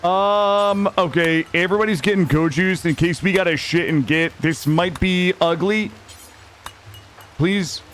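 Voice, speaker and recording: A man streaming a game live, talking casually to his chat in an excitable, slangy way and swearing freely. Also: high-pitched, a little slow, a little hiss or hum.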